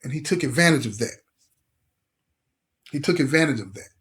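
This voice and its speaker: This middle-aged man hosts while telling his own story, intense and emotional, acting out quoted voices as he goes. He has a medium pitch, an animated delivery, a moderate pace, and a fairly bright tone.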